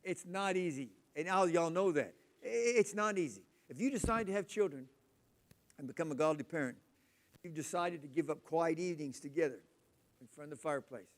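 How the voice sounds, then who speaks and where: A man in his sixties delivers a sermon with a noticeably high voice for a man. He talks loud and animated, spinning homespun stories from family life as he preaches. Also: brisk. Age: 60s.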